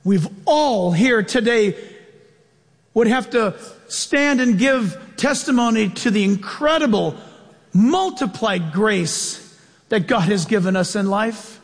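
A man preaching a sermon as pastor, telling stories in an animated way with sudden jumps in pitch. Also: takes it slowly. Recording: long church-hall reverb.

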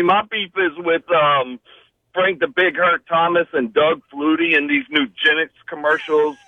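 Male caller, high gravelly voice, lively swings, jokey, phone line. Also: no echo. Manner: jokey, incredulous.

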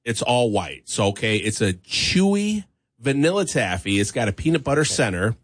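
A man's voice: mid-range voice, very animated, normal speed, no echo. A man hosting a radio morning show in the studio, chatting casually and laughing easily while taste-testing candy. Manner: easygoing, chatty, laughs often. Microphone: studio microphone.

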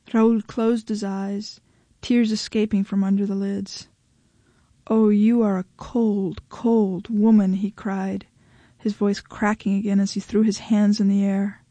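Mellow woman narrating a novel. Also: medium pitch, level tone, moderate pace, dry recording. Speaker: audiobook narrator. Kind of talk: scripted narration.

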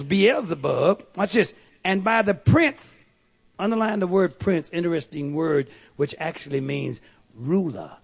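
A man preaching a fervent sermon, shouting at the peaks and dropping low to teach. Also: gravelly, husky.

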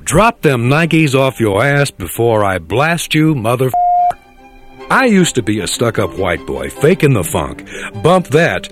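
A man's voice: medium pitch, very animated, measured pace, over music. A man playing a stiff, overly polite young man in a parody commercial.

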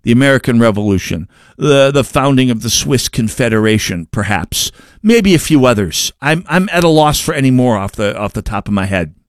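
A man's voice: mid-range voice, expressive, brisk, dry recording. Sardonic male commentator, dry close sound. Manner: sardonic and opinionated, with stammered restarts. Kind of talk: opinion commentary monologue.

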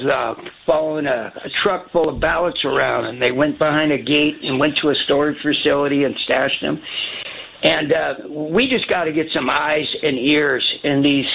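A man's voice: fairly high pitch, creaky, husky. A male caller from California, talking in a rambling, earnest way on a phone-in show. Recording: tinny phone line.

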